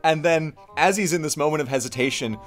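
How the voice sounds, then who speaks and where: A young man co-hosting a casual talk, recapping cartoon episodes with lively storytelling and acted-out quotes. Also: on the high side, fast talker, faint music behind. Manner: animated storytelling, acts out quotes. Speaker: co-host.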